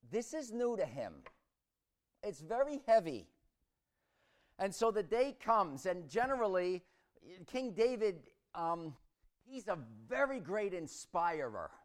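A man preaching a sermon, swinging between hushed reflection and loud, dramatic storytelling. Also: high voice, big pitch swings, slow pace.

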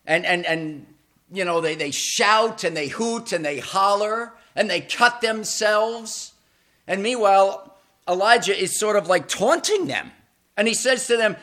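High-voiced man preaching with dramatic swells. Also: animated, measured pace, pushed and bright. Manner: dramatic and emphatic, with swells and drops in volume; repeats words while building momentum. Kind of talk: sermon.

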